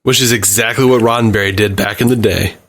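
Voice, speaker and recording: A man co-hosting a podcast, talking in a blunt, dry way. He mostly answers in short replies and says what he thinks without softening it. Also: on the low side, steady tone, fast. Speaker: podcast co-host. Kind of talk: casual chat.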